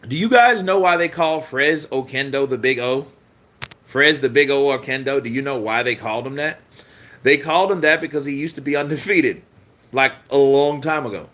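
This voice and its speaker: A man's voice: medium pitch, normal speed, a bit bright. A man hosting a live boxing news stream, joking and swearing casually while answering viewer comments. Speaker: host of a boxing news channel.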